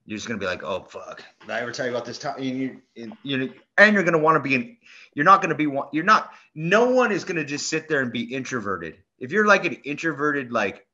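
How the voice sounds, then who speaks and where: A man co-hosting a podcast in casual chat, telling stories in a rambling, animated way full of fillers and restarts. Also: medium pitch, quick pace. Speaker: podcast co-host. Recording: dull lo-fi sound.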